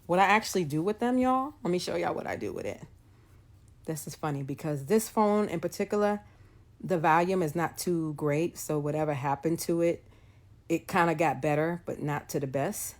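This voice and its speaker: A woman's voice: deep voice, expressive, moderate pace. A woman singer telling a story to her viewers in a casual, chatty way, acting out the voices of the people in it.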